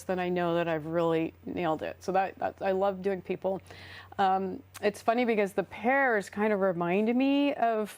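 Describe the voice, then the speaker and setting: In a relaxed interview, a middle-aged artist and songwriter tells stories full of laughs, fillers and restarts. Her voice is mid-range and a little mellow.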